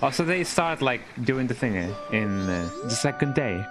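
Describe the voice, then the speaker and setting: Very animated and at a moderate pace, a medium-pitched man keeps up jokey, meandering live-stream commentary as he plays, tagging lines with "eh?". Game music plays behind him.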